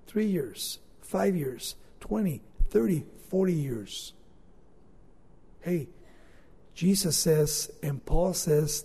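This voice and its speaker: A male preacher tells a Bible story in an informal way, his loudness swinging from forceful to hushed. His voice sits high. The sound rings in a hall with a long reverb. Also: slightly rough. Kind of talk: sermon.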